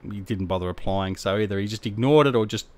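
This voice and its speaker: Talking fast in a lowish voice, a middle-aged Australian man answers his viewers on a game live stream. His casual chat is laid-back, rambling and slangy.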